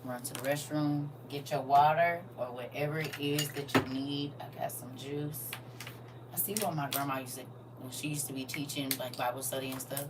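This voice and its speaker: A woman hosting a casual live stream, reading viewer comments, going from soft and near-whispered to loud and animated. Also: very deep voice, normal speed, distant mic, noisy background.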